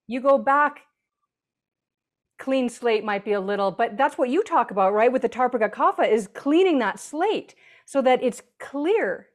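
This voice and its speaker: A woman speaks as a guest on an interview podcast, explaining her ideas earnestly in a conversational way. Her voice sits a little high, and she sometimes slips into lively quoted voices. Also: normal speed.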